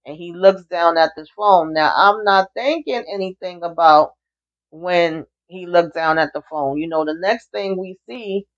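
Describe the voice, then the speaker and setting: This TV recap reviewer speaks in a fairly low pitch and takes her time. In a relaxed, conversational recap of an episode, she performs the characters' dialogue as she walks through every scene, captured on a dull, lo-fi recording.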